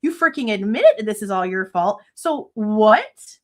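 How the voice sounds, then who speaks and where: A woman's voice: mid-range voice, lively intonation, a little slow. A woman in her thirties hosting a true crime livestream, venting angrily with frequent swearing in casual commentary.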